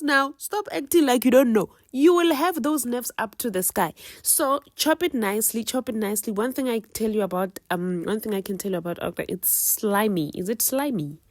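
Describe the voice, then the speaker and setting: A woman's voice: mid-range voice, animated, normal speed, few pauses, dry recording, clean studio sound. A woman with a South African accent chatting casually through a home cooking vlog, teasing viewers with playful life advice. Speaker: cooking vlogger.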